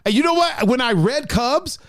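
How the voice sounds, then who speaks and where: A man hosting a podcast in casual chat, animated and profane, laughing often. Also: extremely high pitch, normal speed, a little hiss or hum. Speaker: podcast host.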